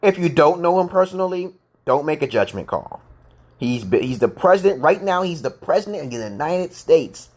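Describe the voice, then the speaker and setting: A man's voice: fairly high pitch, sing-song, normal speed. A man hosting a casual live stream, lecturing and teaching English, often checking in with "okay?" and "correct?". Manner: lecturing, repeats himself, asks "correct?" and "okay?". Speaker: host of a live chat and English practice stream. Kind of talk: casual livestream chat and English lesson.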